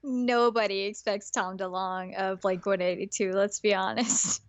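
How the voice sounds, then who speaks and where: A woman co-hosting a relaxed podcast at a middle pitch, recorded dry on a close mic. She trades quick, teasing quips and laughs often. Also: no room sound. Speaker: podcast co-host. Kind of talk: casual chat.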